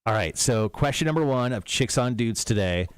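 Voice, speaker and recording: A man's voice: moderate pace, clean tone, no echo. A man hosting a morning radio show, joking and teasing his co-hosts in casual banter. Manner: teasing, joking, lively pitch swings. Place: radio studio.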